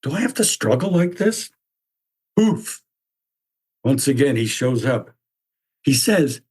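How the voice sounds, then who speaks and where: A man's voice: medium pitch, big pitch swings, slow, long pauses, darkish tone, husky. A man in his seventies telling a reflective personal story as a podcast host, musing aloud with many questions to himself. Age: 70s. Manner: musing, full of rhetorical questions.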